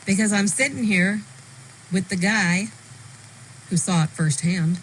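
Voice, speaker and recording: A woman's voice: medium pitch, a little hiss or hum, low-quality recording. A woman hosting a radio show, chatting enthusiastically with a studio guest. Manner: enthusiastic, chatty, a bit halting. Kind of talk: casual radio interview.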